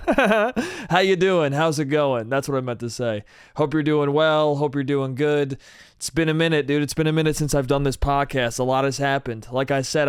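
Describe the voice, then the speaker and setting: A young man riffing through a solo comedy podcast monologue, loose and rambling, peppered with profanity and "dude." His voice is a touch high for a man, smooth and clean, and it is recorded close and dry with no room echo. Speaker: podcast host.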